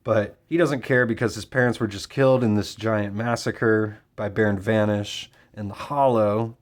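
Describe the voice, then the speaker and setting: A man with a somewhat low voice walks through a comic issue panel by panel. His delivery is relaxed and conversational, dotted with hesitations and filler words. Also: moderate pace. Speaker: comic book reviewer. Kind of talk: casual review talk.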